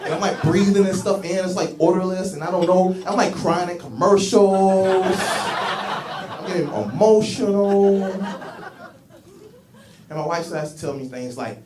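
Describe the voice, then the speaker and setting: A high-pitched man doing stand-up, telling his stories with lively energy and slipping into voices for the people in them. His voice comes from some distance off the mic, and the room carries a noticeable echo. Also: measured pace, noisy background. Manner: animated storytelling, voicing characters in his bits. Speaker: stand-up comedian. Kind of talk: stand-up comedy set. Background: audience laughter.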